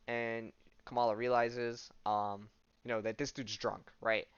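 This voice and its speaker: A podcast host retelling a comic story casually, with lots of fillers and offhand asides. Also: male voice, fairly low pitch, level tone, unhurried, clean tone, dull audio.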